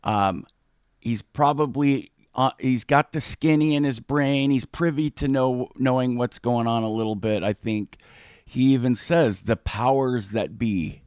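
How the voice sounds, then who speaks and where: A man's voice: medium pitch, a little slow, darkish tone, smooth, no room sound, clean studio sound. A man giving heated commentary on a video, emphatic and agitated, repeating his points.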